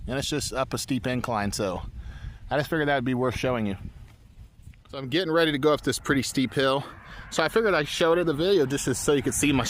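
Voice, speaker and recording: A man's voice: mid-range voice, fairly bright tone, a little hiss or hum. A man vlogging outdoors on his phone while climbing a steep hill, out of breath, rambling and poking fun at himself. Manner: rambling, self-deprecating, trailing restarts. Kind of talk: casual outdoor vlog narration. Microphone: handheld phone.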